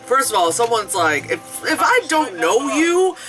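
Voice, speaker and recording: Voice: mid-range voice, sing-song, normal speed. A movie reviewer giving casual reaction commentary, laughing often, swearing freely and mimicking the characters. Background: film soundtrack music playing.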